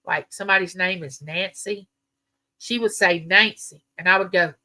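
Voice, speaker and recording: A woman's voice: fairly low pitch, moderate pace, bright, forceful tone. A woman from the American South with a Southern US accent, hosting a casual live chat and telling rambling stories to her viewers. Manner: chatty, rambling storyteller. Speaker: livestream host.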